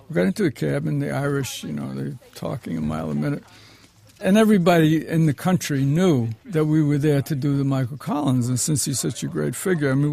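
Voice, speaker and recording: Man, slightly high, gravelly, digressive anecdotes, film director reminiscing. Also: darkish tone. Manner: rambling, digressive anecdote telling. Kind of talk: reminiscing interview answer.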